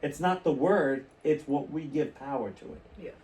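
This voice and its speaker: A man's voice: on the high side, unhurried, a little mellow, distant mic. A man co-hosting a podcast in casual chat, telling rambling stories with restarts and laughs. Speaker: podcast co-host. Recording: echoey room, away from the mic.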